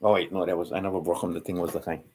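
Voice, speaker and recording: Rapid-fire and flat, a man with a low, darkish voice and a Hawaiian Pidgin accent rambles through a solo monologue as a channel host, with slight background noise. He meanders, keeps correcting himself, and adds asides to the listener.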